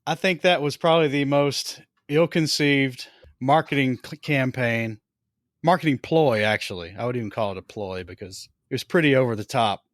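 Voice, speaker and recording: A man hosts a casual podcast about a hobby, with a laid-back and dry-humored manner. His voice sits at a middling pitch. The sound is dry and close, with no room echo. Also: normal speed. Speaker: podcast host.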